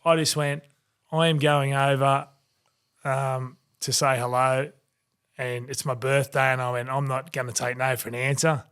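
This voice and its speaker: A man's voice: medium pitch, moderate pace, clean tone. A man in his forties with an Australian accent, a podcast guest telling stories and acting out the people in them. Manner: animated anecdotes, acting out quoted voices. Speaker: guest, former rugby league player. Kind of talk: storytelling in a podcast interview.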